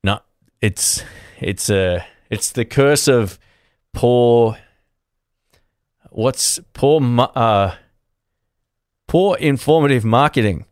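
A man's voice: mid-range voice, extremely slow, pauses often, no echo. A man, hosting a live stream from his home studio and chatting through viewer comments in a friendly, rambling way. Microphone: dynamic podcast mic.

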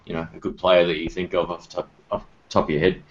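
A man's voice: deep voice, little pitch movement, fast, lo-fi sound. An Australian man hosting a casual online guitar chat, laid-back and self-deprecating, with plenty of fillers.

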